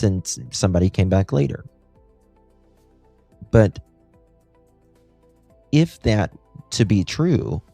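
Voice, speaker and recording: A man's voice: low-pitched, gravelly, warm tone, no room sound. A man hosting a true-crime livestream, thinking aloud in casual commentary and posing rhetorical questions.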